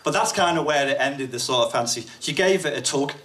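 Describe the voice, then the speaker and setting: A man's voice: mid-range voice, a little fast. A man doing a bawdy stand-up routine at a live comedy night, with an English accent, often slipping into silly voices. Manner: lively, bawdy, mimics people in silly voices. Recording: noisy live room recording.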